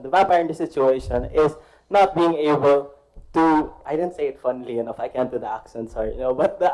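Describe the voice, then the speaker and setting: Brief: young Filipino man, mid-pitched voice, rambling, self-correcting candidate. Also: darkish tone, rough recording. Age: young adult. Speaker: student election candidate.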